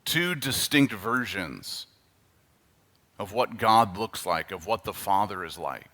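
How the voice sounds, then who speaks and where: A man with a Canadian accent preaching a sermon as pastor, emphatic and animated, at times dropping to quiet, earnest asides. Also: on the low side, slow pace.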